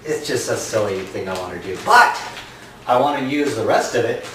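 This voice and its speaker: A man's voice: medium pitch, animated, normal speed, pushed and bright, a little hiss or hum. A man chatting and joking straight to his viewers as a gardening vlogger, at home. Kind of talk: casual chat to camera. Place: indoors at home. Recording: echoey room, mic far off.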